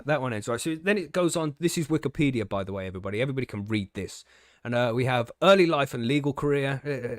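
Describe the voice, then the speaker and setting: A man's voice: medium pitch, a bit bright, dry recording, studio quality. A man hosting a podcast, reading an article aloud and ranting about it with sarcastic, sweary indignation. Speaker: podcast host. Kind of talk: casual ranting commentary.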